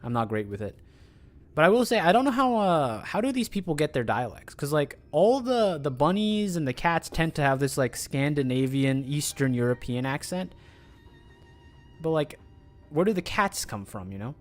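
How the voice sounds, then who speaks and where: A man's voice: a little high, big pitch swings, normal speed, faint music behind. Rambling, chatty male streamer. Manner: rambling, chatty, many fillers and restarts. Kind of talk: casual gameplay commentary.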